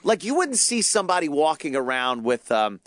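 Guy chatting loose and animated, swears a lot, voice jumps all over, dry sound. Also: a little high, normal speed, dry recording. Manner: animated, swears, acts out quotes in exaggerated voices. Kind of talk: casual chat.

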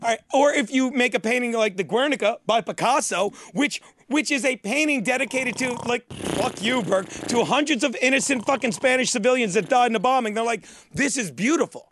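A man's voice: very high-pitched, a little fast, hardly any pauses, a bit bright. A male comedian co-hosting a podcast, ranting in casual chat, swearing and throwing in sarcastic asides. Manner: profane, rants with sarcastic asides.

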